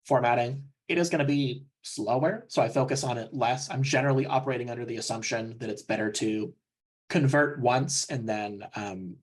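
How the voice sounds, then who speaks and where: Young guy walking through a tech training, kinda husky, lots of ums. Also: medium pitch. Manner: explanatory, frequent ums, relaxed. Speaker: technical trainer. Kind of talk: technical training presentation.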